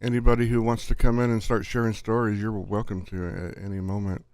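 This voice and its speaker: Middle-aged man, live stream host, casual chat, lowish voice, dry close sound. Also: level tone, brisk, darkish tone, no echo. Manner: chatty, greets viewers by name, laughs often.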